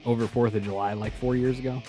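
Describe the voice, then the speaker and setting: A man co-hosting a casual podcast, cracking quick jokes and laughing easily. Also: mid-range voice, fairly even intonation, music in the background. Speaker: podcast co-host. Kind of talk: casual chat.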